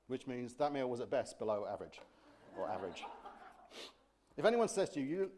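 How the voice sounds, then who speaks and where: A middle-aged man preaching a sermon, telling humorous stories in an animated way and acting out other people's voices. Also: mid-range voice, brisk, a little hiss or hum. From Britain. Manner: animated storytelling, acts out voices, laughs often.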